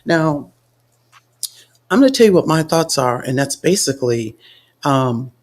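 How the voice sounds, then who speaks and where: A man's voice: fairly high pitch, very animated, unhurried. A man with a slightly raised voice runs a casual live audio chat. He talks loosely and chattily, full of fillers and restarts, and leans into a lilt. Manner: chatty, many fillers and restarts, calls guest girl. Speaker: host of a live audio space.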